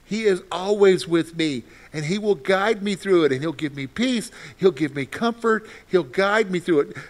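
A man preaching a sermon, swinging between loud, animated outbursts and soft, quiet lines. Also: sits high, moderate pace. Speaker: pastor.

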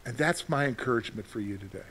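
A man preaching a sermon as pastor, acting out frantic prayers and then dropping to soft, reassuring words. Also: mid-range voice, quick pace, slight background noise.

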